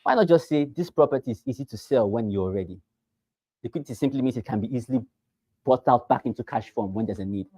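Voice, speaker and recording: A man teaching real estate agents, who talks fast and with emphasis and repeats phrases to drive them home. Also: mid-range voice, lively intonation, warm tone, no room sound. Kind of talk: teaching a class.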